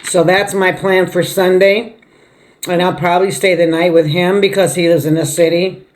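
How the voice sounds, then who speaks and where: A middle-aged woman talks casually to her viewers while eating a meal at home. She chats in a relaxed, homey way, laughs often, and murmurs between mouthfuls. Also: lowish voice, normal speed, a little hiss or hum. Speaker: mukbang vlogger.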